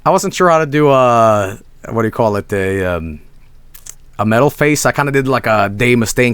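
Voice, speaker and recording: A young man with a hoarse voice, chatting casually on his stream in a rambling, laid-back way with lots of fillers. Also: mid-range voice, expressive, moderate pace, fairly bright tone, no room sound.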